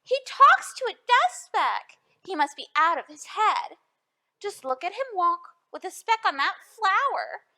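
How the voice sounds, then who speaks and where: Woman reading as high, loud, mocking storybook monkeys, slow-talking. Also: big pitch swings, full character voice. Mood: jeering. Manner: shouting, mocking. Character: rowdy jeering jungle monkeys, male.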